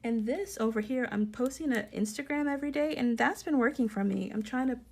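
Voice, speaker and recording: Forties woman flipping thru her planner, rambly chatty vibe, kinda fry-ish voice. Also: fairly high pitch, fairly quick, darkish tone. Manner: chatty and rambling, many fillers and asides. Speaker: romance author and vlogger. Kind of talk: casual journal flip-through chat.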